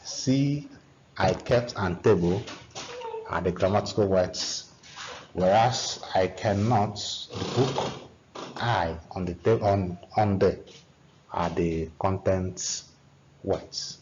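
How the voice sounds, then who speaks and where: A male teacher explains a grammar lesson in a deep, low voice at an unhurried pace, stopping and restarting often. The recording is dull and lo-fi, with a faint hiss behind him. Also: a little mellow. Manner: slow, halting teacher talk with repeated restarts. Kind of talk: classroom English lesson.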